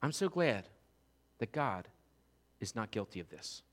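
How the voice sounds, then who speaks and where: A man preaching a sermon as pastor, telling the story with animated storytelling and acting out the crowd's voices. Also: fairly low pitch, unhurried.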